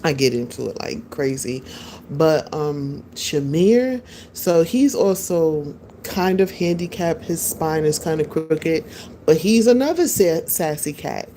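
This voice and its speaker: A woman with a low, mellow voice chats casually on a live stream and rambles from one point to the next while answering viewers. She talks into a phone, and a faint hiss sits under her voice. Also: expressive, slow. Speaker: podcast host.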